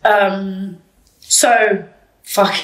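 A woman telling a personal story in an interview, blunt and animated, swearing freely. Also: medium pitch, drawn-out words. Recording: roomy, distant mic.

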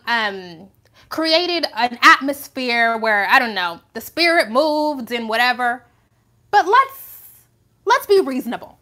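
Woman, live commentary host, high voice, emphatic, rhetorical questions. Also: sharp tone.

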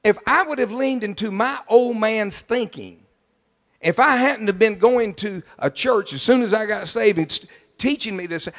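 An older man preaches in a high voice, driving his points home. He drops to quiet asides, then rises to loud declarations. A long reverb trails his words through the sanctuary. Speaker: pastor. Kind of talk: sermon. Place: large church sanctuary. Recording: long church hall reverb.

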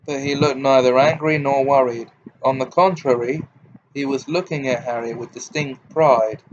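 A man reading a novel aloud in steady, plain narration. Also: medium pitch, normal speed, lo-fi sound, slight background noise. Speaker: audiobook reader.

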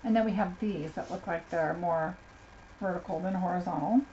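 A woman's voice: fairly low pitch, normal speed, dark tone. A woman doing a chatty live unboxing, gushing over each craft item and talking to viewers by name. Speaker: craft demonstrator. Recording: slightly dull lo-fi sound, faint noise.

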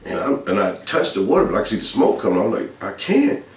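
A man's voice: lowish voice, lively intonation, rapid-fire. A man from Georgia, earnestly telling a spiritual testimony in a casual, storytelling way that repeats its phrases. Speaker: speaker sharing testimony. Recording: echoey room with faint music, mic at a distance.

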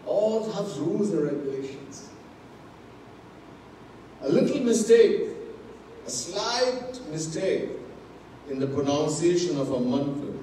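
Man, Trinidadian accent, swami sermon, emphatic repetition, very slow, heavy hall echo. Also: fairly high pitch, animated, dark tone, slight background noise. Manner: slow, emphatic teaching, mixing Hindi and Sanskrit terms, repeating key words. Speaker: swami giving a Gita discourse. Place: large temple hall. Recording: distant mic in an echoey hall.

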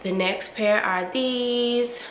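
A woman, gushing playfully to camera in a casual haul review, a bit sniffly from allergies. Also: on the high side. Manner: gushing, playful, drawn-out hums and slangy asides. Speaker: beauty and fashion vlogger. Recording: roomy echo with faint ambient noise.

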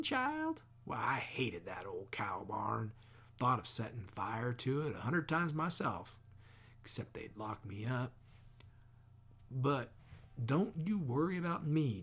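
A reader voicing a cheerful, tart older woman with a Southern accent, talking briskly and wryly. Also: mid-range voice, slightly rough. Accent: American Southern. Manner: brisk, wry, lively.

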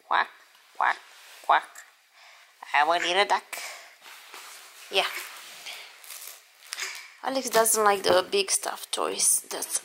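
A woman's voice: mid-range voice, expressive, slow pace, gravelly, pauses often, a bit bright, a little hiss or hum. A young woman from Romania, playfully talking to her baby in a home vlog with sing-song baby talk and frequent laughter. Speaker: mother and vlogger.

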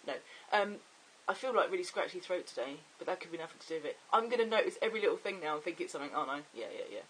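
A young man chatting excitably and rambling in a casual video diary. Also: sits high, racing, few pauses, a little hiss or hum, rough recording. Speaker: vlogger.

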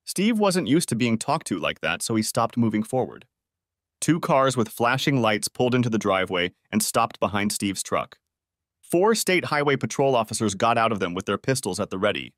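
A man narrates a dramatic first-person audiobook story with expressive, storytelling delivery. His pitch moves a lot, keeping the reading animated. The sound is dry and close, with no room around it. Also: moderate pace, dry recording.

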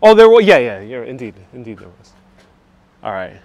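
A man hosting a walking travel stream on town streets talks in a sing-song, medium-pitched voice with a darkish tone at normal speed. He chats and jokes while answering viewer comments. The wireless clip-on mic recording has no echo.

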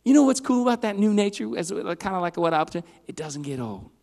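A man preaching a youth sermon in a church, animated and swinging between loud and hushed. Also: sits high, fairly quick. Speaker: youth pastor. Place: church hall. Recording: long hall reverb.

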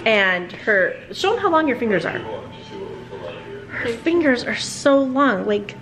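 A woman's voice: on the high side, very animated, a little slow, music in the background. A woman talking in a casual family vlog, chatty and proud, laughing often. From Seattle area, USA. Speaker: vlogger mom.

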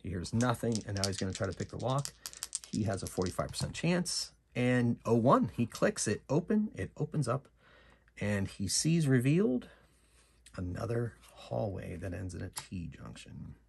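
Man, solo game runner, gravelly husky voice, lively pitch, musing narration. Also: normal speed. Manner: musing, talks himself through dice rolls and choices. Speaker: solo game master and player.

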